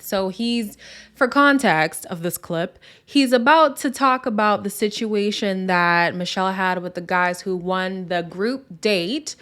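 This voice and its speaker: A woman hosting a casual reality TV recap, talking in a sassy, conversational way with quick asides. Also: medium pitch, a bit bright. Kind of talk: casual review monologue.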